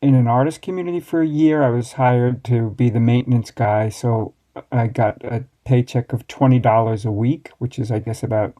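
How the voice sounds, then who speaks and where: Mellow-voiced American man reminiscing. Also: medium pitch, normal speed. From United States. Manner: relaxed, reflective, wry storytelling. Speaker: master baker, interview guest. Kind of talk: storytelling interview answers.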